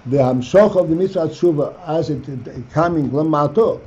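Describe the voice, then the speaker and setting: A man teaching a Torah class as rabbi, reading phrases slowly and explaining them. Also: a little high, dark tone. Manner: reads Hebrew phrases slowly, then explains in English. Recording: dull lo-fi class recording.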